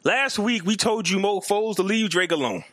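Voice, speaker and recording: A male podcast co-host with a fairly high, bright voice that swings up and down a lot as he teases and jokes. He sounds animated and close to the mic in a dry space. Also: normal speed, no echo. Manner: animated, teasing, jokey. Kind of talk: casual chat.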